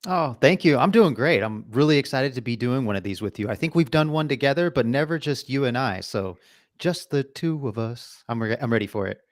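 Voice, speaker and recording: A man co-hosting a live webinar, relaxed and cheerful, talking over a video call. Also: medium pitch, brisk, no echo, studio quality. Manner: relaxed, cheerful, laughs easily. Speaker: co-host, product demo guest.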